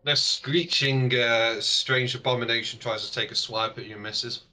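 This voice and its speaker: Male GM, bright tone, casual joking delivery. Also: medium pitch, fairly even intonation, normal speed. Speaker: game master. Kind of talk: narrating a tabletop game.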